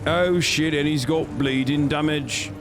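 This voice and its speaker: A man's voice: on the high side, a little slow, over music, close to an everyday voice. A man doing a cocky, constantly swearing Scouse lad voice while playing a game. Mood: frantic. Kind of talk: comic put-on voice while gaming.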